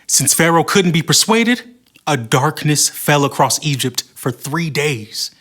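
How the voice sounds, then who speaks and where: Expressive man telling a Bible story. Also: on the high side, a little slow. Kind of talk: scripted Bible story narration for kids.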